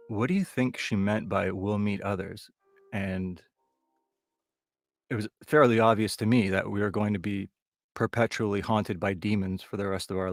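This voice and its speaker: A man's voice: lowish voice, vocal fry, no room sound. A man from the Toronto area telling a ghost story in a loose, conversational way that builds suspense. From Toronto area, Canada. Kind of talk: live comic storytelling.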